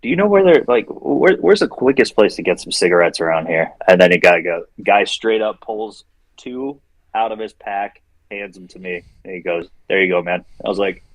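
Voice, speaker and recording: Brief: man, fairly low voice, dry close recording, rambling animated storyteller who laughs often. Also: normal speed, dry recording, low-quality recording. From Tampa Bay. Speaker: radio show regular calling in. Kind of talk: casual storytelling.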